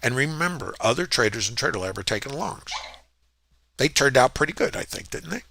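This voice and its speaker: A man's voice: mid-range voice, lively intonation, a little fast, vocal fry, sharp tone. A man teaching trading while he walks through his own trades, reflective and full of fillers and restarts as he stresses his points. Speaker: trading educator. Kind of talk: screen-share trading walkthrough.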